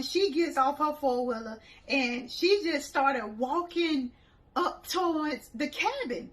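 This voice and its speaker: A woman with a voice pitched a bit above the usual, recounting a group outing off the cuff. She speaks as a travel organizer, chatty and loose, laughing as she retells the story. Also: fairly bright tone, poor audio. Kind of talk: casual anecdote telling.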